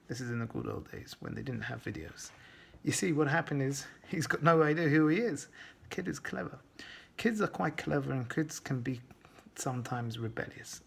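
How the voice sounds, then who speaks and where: A man's voice: medium pitch, creaky, slightly rough. A middle-aged male rabbi giving a short inspirational talk, telling a story and weaving in Hebrew terms.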